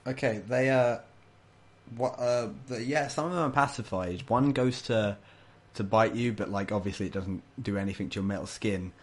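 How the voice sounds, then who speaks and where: Male game master, lowish voice, rambling and halting narration. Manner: rambling, full of restarts.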